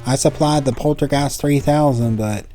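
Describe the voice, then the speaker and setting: A man's voice: medium pitch, moderate pace, mellow, lightly acted. A man voicing a doddering elderly male ghost-hunting professor with a folksy drawl, reading game dialogue aloud. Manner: folksy drawl, trails off mid-story.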